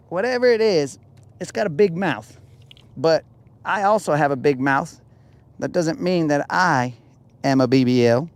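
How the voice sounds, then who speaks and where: A young man from New Mexico chats while fishing from a boat out on a lake, in a slightly higher register. He tells stories in a loose, joking way and stretches some lines out for fun. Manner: laid-back, jokey, drawn-out playful lines. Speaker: fishing vlogger. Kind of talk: casual storytelling while bass fishing.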